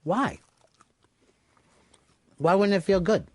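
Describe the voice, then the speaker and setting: A man's voice: high-pitched, sing-song, slow pace, no echo. A man hosting a radio talk show, bossy and brash, swearing freely as he plans a stunt. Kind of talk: casual radio banter.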